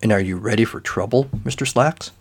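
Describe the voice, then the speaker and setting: A man's voice: on the low side, a little fast. A man voicing a cool, commanding male private-eye boss in a comedic audio story. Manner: smooth, clipped and commanding.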